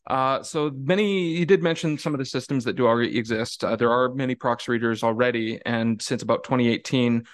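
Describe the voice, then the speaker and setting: A man asking questions at a meeting, halting with many fillers. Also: mid-range voice, no room sound. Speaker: student questioner.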